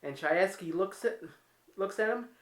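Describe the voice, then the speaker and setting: A man with a high-sitting, expressive voice talks a little slowly as he vlogs casually from his apartment. His storytelling is wry, candid and self-mocking, and the roomy space gives an echoey sound.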